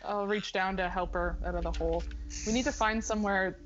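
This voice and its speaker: A woman's voice: medium pitch, fairly even intonation, brisk, lo-fi sound. A woman playing a tabletop game, talking in a blunt, casual way. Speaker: player.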